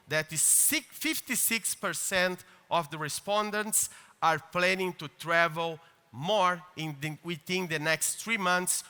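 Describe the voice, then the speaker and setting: Bright-voiced man speaking in a hall. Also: sits high, smooth. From Brazil. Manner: earnest, with hesitant fillers and restarts. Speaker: conference keynote speaker. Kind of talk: formal conference speech. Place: large conference hall. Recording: long hall reverb.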